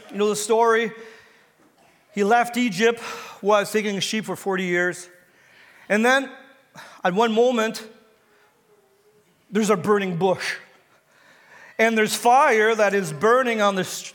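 A male pastor with a high, fairly bright voice preaches in a large church sanctuary. He retells a story and questions the congregation, building toward emphatic exhortation.

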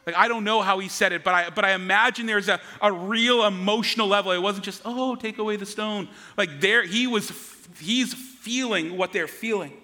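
A man's voice: high-pitched, moderate pace, hardly any pauses, pushed and bright. A man preaching a sermon in an earnest, conversational way, often repeating words as he goes. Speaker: pastor. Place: church sanctuary. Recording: long hall reverb.

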